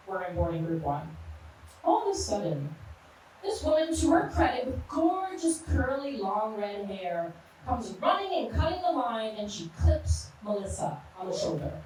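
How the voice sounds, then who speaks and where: A woman's voice: mid-range voice, darkish tone, very echoey, recorded from a distance, a little hiss or hum, poor audio. A woman in her thirties performing a brash, punchy stand-up set in a live comedy club. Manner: brash, punchy storytelling with crude jokes.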